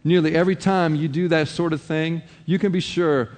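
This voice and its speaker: A man's voice: fairly high pitch, fairly even intonation, a little fast, a little mellow. Man preaching in an echoing hall. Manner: conversational preaching with many "you know" asides. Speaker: pastor. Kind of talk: sermon.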